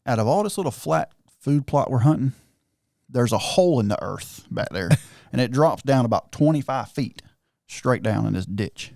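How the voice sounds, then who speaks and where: Guy telling a hunting story all excited, gravelly and low, dry close sound. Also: moderate pace, dry recording. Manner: excited, animated storyteller, acts out quotes. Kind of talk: casual storytelling chat.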